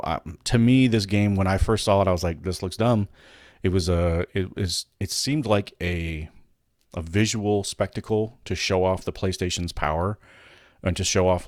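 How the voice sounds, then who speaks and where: A man's voice: low voice, a little mellow, dry recording, clean studio sound. A man hosting a weekly gaming news show, talking in a rambling, profane, casual way with frequent restarts. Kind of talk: casual solo commentary.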